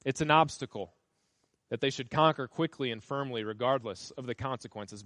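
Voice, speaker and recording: A man's voice: medium pitch, dry recording. A male pastor preaching a sermon, reading scripture aloud and stressing key phrases by repeating them.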